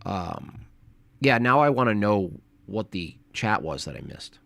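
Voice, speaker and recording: A man's voice: lowish voice, sing-song, a little slow, vocal fry, fairly bright tone, no room sound. A man hosting a live stream, reacting to a debate clip in casual chat with a mocking, sarcastic manner.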